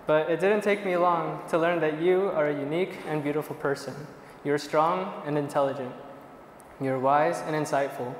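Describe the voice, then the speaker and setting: A young groom reads his vows softly, with emotion close to the surface. His fairly high voice rings out in a reverberant hall, with faint room noise behind it. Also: fairly even intonation, moderate pace. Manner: soft, emotional, reading from notes. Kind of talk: reading wedding vows.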